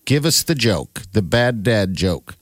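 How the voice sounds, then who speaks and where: Brisk male radio host. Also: lowish voice, big pitch swings, dry recording, studio quality. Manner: brisk, runs the calls. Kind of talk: morning radio banter.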